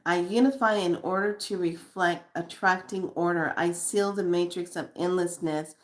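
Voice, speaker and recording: A middle-aged woman chatting casually on a spiritual livestream, laughing often and reading slowly with drawn-out words. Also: fairly low pitch.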